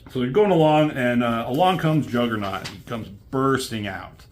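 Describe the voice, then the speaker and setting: A man talks through a comic book in a loose, rambling way, dropping fillers and the odd swear. His voice sits at an ordinary middle pitch. It is a relaxed, unscripted review. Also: normal speed, a little hiss or hum.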